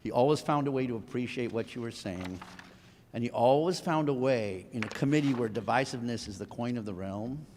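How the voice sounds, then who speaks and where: A man's voice: mid-range voice, a little fast, darkish tone, slight background noise. Man, state senator, heartfelt floor tribute, formal, echoing chamber. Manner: heartfelt, gets emotional. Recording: legislative chamber with long reverb.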